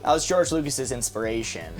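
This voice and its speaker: Animated, quippy male co-player. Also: medium pitch, a little fast, faint music behind. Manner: dry quips, laughs often. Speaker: co-player on stream. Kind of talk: casual live-stream chat.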